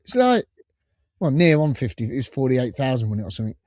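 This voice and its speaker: A man in casual podcast chat, talking at a middle pitch and tripping over repeated words as he gets going. His voice sounds close and dry with no room around it. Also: racing, a little mellow, no echo. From England. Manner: chatty, repeats words as he restarts sentences. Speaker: podcast host.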